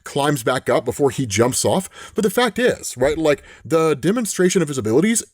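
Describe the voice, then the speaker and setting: A man's voice: fairly high pitch, normal speed, dry recording, clean studio sound. A man hosting a casual comic book recap, talking animatedly and often checking in with the listener. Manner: animated, often adds "right?". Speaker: host.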